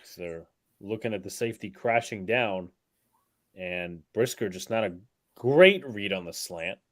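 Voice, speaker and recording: A man's voice: lowish voice, lively intonation, unhurried, a bit bright. A man doing live play-by-play on a fan stream, his voice jumping up on big plays. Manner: calls plays, voice jumps up on big plays. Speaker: play-by-play commentator. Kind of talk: livestream play-by-play commentary.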